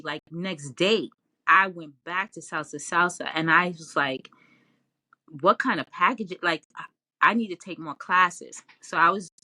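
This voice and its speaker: Woman chatting in an interview, animated, laughs a lot, bright edge, lowish voice. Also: dry recording. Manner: animated, laughs often, quoted dialogue in a raised voice. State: tearful at times. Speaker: interview guest. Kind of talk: casual storytelling interview.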